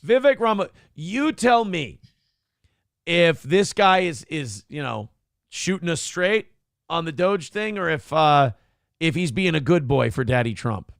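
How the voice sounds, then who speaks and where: A man's voice: on the high side, lively intonation, unhurried, creaky, dry recording, clean studio sound. A man co-hosting a morning show, in casual comedic commentary, crude and mocking. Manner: crude, mocking, jumps into loud impressions.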